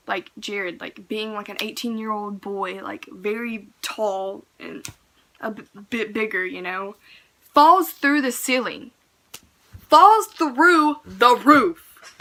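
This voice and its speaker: A young woman vlogger telling a personal story in casual chat, full of fillers, swinging from hushed asides to loud outbursts. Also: mid-range voice. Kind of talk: storytime vlog.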